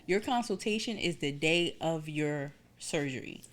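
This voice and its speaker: A woman's voice: low voice, animated, a little slow. A young woman co-hosting a podcast, telling a personal story in casual chat and acting out the voices in her quotes. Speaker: podcast co-host.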